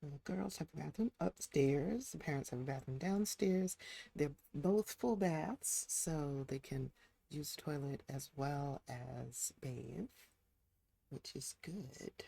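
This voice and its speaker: Taking it slowly, this game streamer has a creaky, mellow, medium-pitched voice. Their live-stream commentary while playing is casual, and they address the on-screen characters directly.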